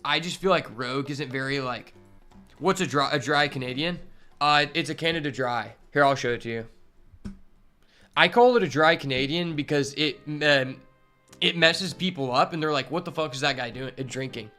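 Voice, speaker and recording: Brief: male streamer, slightly high voice, excitable and foul-mouthed, chatting with viewers over faint music. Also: normal speed, smooth. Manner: profane, excitable, talks to chat. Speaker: game streamer. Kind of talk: casual live-stream commentary while playing.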